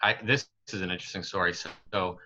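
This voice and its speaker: A young man in his twenties with a bright, forward voice tells a story in relaxed podcast chat. He fills his sentences with casual fillers and friendly asides. The recording sounds a little dull and lo-fi. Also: low-pitched, fast. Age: 20s. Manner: chatty, relaxed, leans on fillers like "like" and "you know". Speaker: podcast guest. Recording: slightly muffled lo-fi recording.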